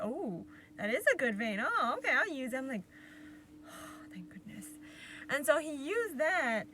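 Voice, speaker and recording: A woman vlogger telling a personal story to camera in a casual, animated way, laughing often and acting out what was said. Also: high voice, a little hiss or hum. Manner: animated, laughing often, acts out quotes with sighs. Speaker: vlogger recounting a patient experience.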